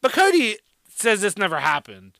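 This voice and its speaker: A man rambles through a story on a casual podcast, filling gaps with "like" and "uh". His voice sits high and bright. The sound is dry and close. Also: normal speed, creaky, dry recording. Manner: rambling, animated, many fillers. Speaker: podcast co-host.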